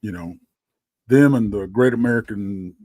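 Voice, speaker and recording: Low-voiced Texan man, guest storyteller, dry close sound, rambling delivery. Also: dark tone, no room sound. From Texas. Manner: rambling, halting storyteller full of fillers. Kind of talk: casual storytelling.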